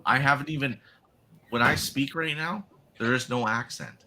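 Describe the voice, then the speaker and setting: A man's voice: mid-range voice, moderate pace, sharp tone. A man with a Canadian accent in casual, joking chat with friends, often stumbling over his words and laughing. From Newfoundland, Canada.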